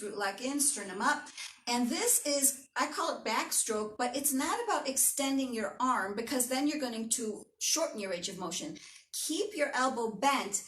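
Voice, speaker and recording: High-voiced woman leading a yoga class. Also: fairly bright tone, a little hiss or hum. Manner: encouraging, instructive, says "right?" often. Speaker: yoga teacher. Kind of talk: guided movement class. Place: yoga studio room. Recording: echoey studio from a distance.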